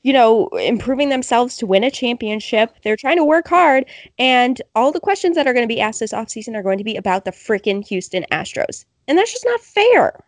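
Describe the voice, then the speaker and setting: Woman co-host, higher voice, giggly, dry close recording. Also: expressive, a little fast, no room sound. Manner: giggly, laughs often. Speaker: podcast co-host. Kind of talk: casual sports chat.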